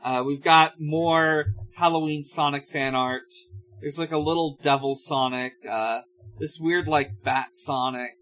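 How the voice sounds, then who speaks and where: Slow, halting man with a higher voice. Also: steady tone, fairly bright tone, a little hiss or hum, rough recording. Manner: halting, many fillers and restarts. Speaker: podcast co-host. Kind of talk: casual chat reading a comic.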